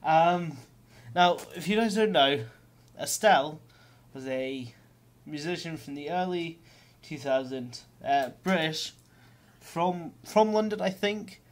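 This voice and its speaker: Scottish guy, diary vlog, slightly high voice, loose and sweary, fillers everywhere. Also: lively intonation, takes it slowly. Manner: rambling, sweary, lots of fillers; self-mocking with chuckles. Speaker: vlogger.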